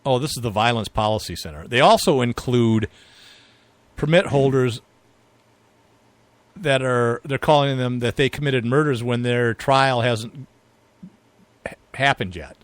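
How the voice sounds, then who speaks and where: A man's voice: medium pitch, measured pace, pauses often, dry recording. A man co-hosting a casual political chat show, rambling with fillers and frequent asides. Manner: rambling, chuckling, filler-heavy. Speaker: podcast co-host.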